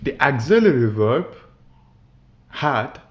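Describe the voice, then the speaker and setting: A man teaching grammar, explaining sentence structure step by step and reading out example sentences slowly and carefully. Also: mid-range voice, big pitch swings. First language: German. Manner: slow, deliberate, reads German examples carefully. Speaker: language teacher.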